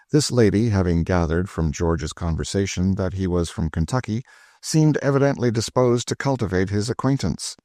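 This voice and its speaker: A man narrating an audiobook in a steady, measured way. His voice sits low, and the recording is dry and close. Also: no room sound. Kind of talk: scripted narration.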